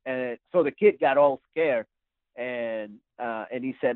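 A man's voice: medium pitch, a little slow, no echo. A man as a podcast guest, telling a story casually, rambling and repeating his words. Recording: dry tinny phone-like line.

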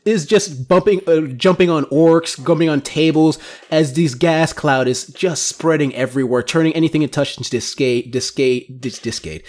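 A man narrating as game master in a tabletop game, describing scenes briskly with small stumbles. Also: a little high, a little mellow.

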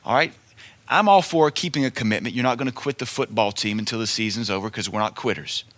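Man, preacher, sermon, bright forceful tone, emphatic, folksy storytelling, repeats key lines. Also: lowish voice, fast talker.

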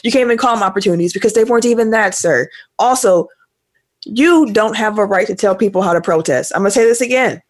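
A man's voice: high-pitched, fast talker, no room sound. A man hosting a casual podcast, giving his opinions with heat and emphasis. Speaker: podcast host.

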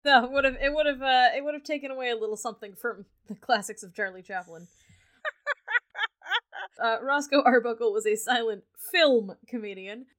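Young woman, podcast host, higher pitched, chatty, laughs a lot. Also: fairly quick, a bit bright. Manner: giggly, chatty, laughs often. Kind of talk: casual chat, storytelling.

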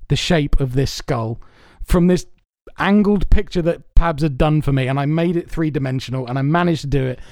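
This is a man, a podcast host, in casual chat. His voice sits a bit high for a man, and he talks in loose, sweary, self-amused tangents. The sound is close and dry, with no room to it. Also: moderate pace, few pauses, a little mellow, no room sound.

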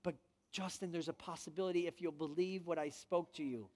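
A man's voice: fairly high pitch, fairly even intonation, a little fast, darkish tone. A man pastor preaching a sermon to a room, emphatic and full of rhetorical questions. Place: church room with an audience.

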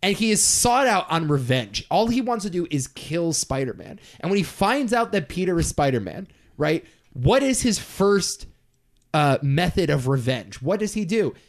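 A man's voice: on the high side, sing-song, normal speed. A man co-hosting a podcast, chatting casually about movies and swearing now and then. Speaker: podcast co-host.

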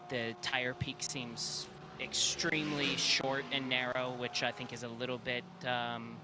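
A man, a race car driver, being interviewed in the pit lane, answering in a halting, stumbling way while he watches telemetry. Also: medium pitch, flat delivery. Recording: loud race car noise behind. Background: race cars running.

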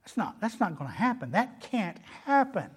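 A man with a Southern US accent preaching a sermon in church, animated, swinging between loud emphatic lines and quiet ones. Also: high-pitched, moderate pace, breathy edge. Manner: animated, rises and drops in loudness, quotes scripture in character. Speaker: pastor.

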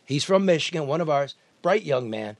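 A Midwestern man hosts a casual podcast, his voice sitting fairly high and sounding very dry and close. He talks loudly and profanely, joking around and stumbling into restarts as he pushes his points. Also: expressive, normal speed, dry recording. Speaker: podcast host. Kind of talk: casual chat.

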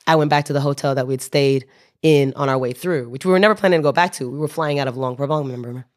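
A young woman telling a personal travel story in casual conversation. She is animated, often corrects herself and laughs as she goes. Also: rumbling low, fast talker. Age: young adult.

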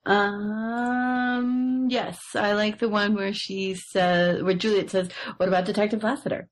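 A woman's voice: mid-range voice, little pitch movement, a little slow. Female podcast co-host, giggly, mid-range voice. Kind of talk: casual podcast chat.

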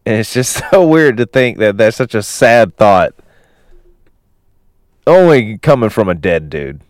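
A man recounts a film plot in a loose, rambling way, full of fillers and little chuckles. His voice sits fairly low and sounds smooth and clear. The recording is dry and close, with no room sound. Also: very animated, unhurried, dry recording. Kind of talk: casual film plot retelling.

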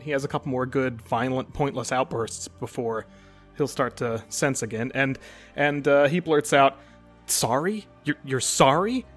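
A man's voice: medium pitch, fairly bright tone. A man playing a tabletop role-playing game, describing his character's actions in a rambling way with lots of fillers and restarts. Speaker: player.

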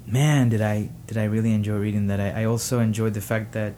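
A man hosting his own show, giving personal commentary with emotion, pausing often and rising to indignation. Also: lowish voice, steady tone, mellow, a little hiss or hum. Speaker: podcast host.

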